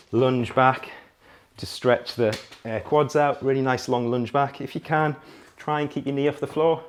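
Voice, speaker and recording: Energetic male fitness coach counting reps. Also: medium pitch. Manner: counts reps aloud, checks in with "all right?"; energetic coaching, often while exercising. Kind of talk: workout instruction.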